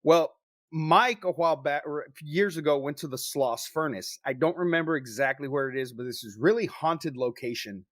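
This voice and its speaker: A man co-hosting a podcast, telling a story in casual chat with lots of swearing and animated delivery. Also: a little high, normal speed, no echo, studio quality. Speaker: podcast co-host.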